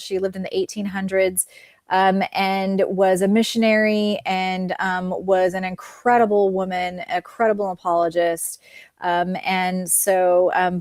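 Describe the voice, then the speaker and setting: A woman's voice: fairly low pitch, a little mellow, dry recording, studio quality. A woman with a Californian accent, an author guest chatting casually over a video call, laughing often. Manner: chatty, giggly, many fillers. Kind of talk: casual interview chat.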